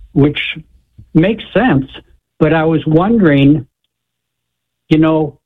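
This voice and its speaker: Halting male caller on a phone line. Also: fairly high pitch. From Florida. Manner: halting, restarts often. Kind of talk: call-in question.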